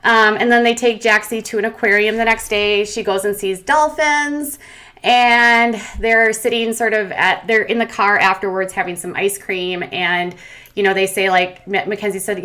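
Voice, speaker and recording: A woman's voice: mid-range voice, steady tone, normal speed, pushed and bright. A woman giving a casual, opinionated recap commentary, chatty and full of "um" and "like". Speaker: commentary host.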